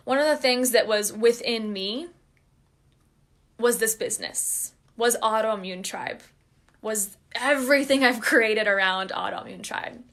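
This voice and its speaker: A woman's voice: on the high side, unhurried, a bit bright. A woman talking casually and earnestly to her viewers, chatty and emphatic, at times openly emotional. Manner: gets openly emotional and laughs while talking. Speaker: online empath coach and group leader. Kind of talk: casual direct-to-camera talk to viewers.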